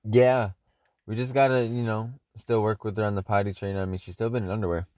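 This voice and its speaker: An easygoing man chatting casually, with a somewhat low voice. His speech is loose and relaxed and full of "like" and "you know", recorded dry and close. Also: a little fast, dry recording. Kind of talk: casual chat.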